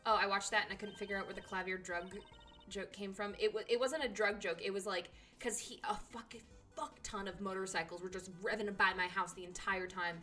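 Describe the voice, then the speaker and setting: A woman streamer chats casually, giggling often and swearing offhandedly. Her voice is bright and clear. Soft music plays faintly behind her. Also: medium pitch, steady tone, brisk. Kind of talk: casual chat.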